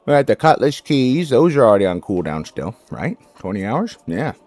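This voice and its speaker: A man's voice: mid-range voice, very animated, moderate pace, darkish tone. A man streaming a game, chatting casually with viewers and cooing baby talk at his dog.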